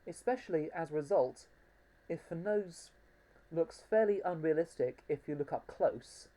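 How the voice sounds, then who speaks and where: A woman's voice: low-pitched, expressive, moderate pace, mellow. A woman reviewing a plush toy in a casual home video, hesitant and fond, with frequent ums and restarts.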